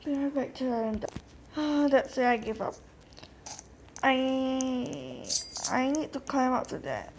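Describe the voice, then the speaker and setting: A woman giving casual, excitable commentary while playing a game, talking to her viewers and often gasping. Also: high-pitched, slow, pauses often, a little hiss or hum. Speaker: gameplay narrator.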